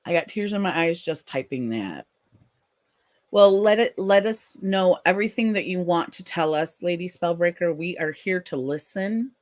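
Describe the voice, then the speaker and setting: A live-stream host reading viewer comments aloud in a casual chat and answering gently and supportively, with frequent ums and restarts. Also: mid-range voice, lively intonation, moderate pace.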